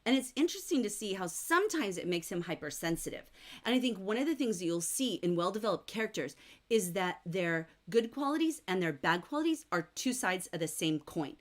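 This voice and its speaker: A middle-aged woman teaching a livestreamed literature lesson, chatty and explanatory, often filling pauses with "um" and "like". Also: medium pitch, sing-song. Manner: chatty, explanatory, frequent fillers like "um" and "like". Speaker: teacher leading a novel study.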